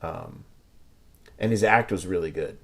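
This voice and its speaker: A man's voice: deep voice, lively intonation, a little slow, vocal fry. A young man chatting casually in a rambling way while reviewing a deck of playing cards, with lots of fillers and restarts. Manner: drops to whispers while inspecting cards.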